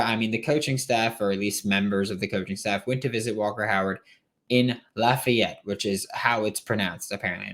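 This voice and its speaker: Tired, opinionated sports podcast man. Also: lowish voice. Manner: opinionated, emphatic, rambling asides. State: tired late at night. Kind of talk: solo sports podcast talk.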